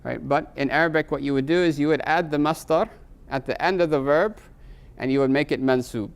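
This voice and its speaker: A man's voice: a little high, vocal fry, smooth. Man teaching grammar to a class. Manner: quizzes students with frequent rhetorical "right?"; slows to spell out Arabic terms. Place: classroom with students.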